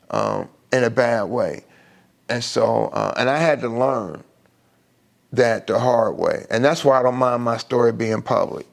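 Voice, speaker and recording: A middle-aged man with a deeply gravelly, creaky voice tells his own recovery story live. He speaks at a middling pitch and halts often, circling back and restarting his sentences as the feeling catches up with him. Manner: halting, with many restarts and fillers. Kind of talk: emotional personal testimony on a live stream.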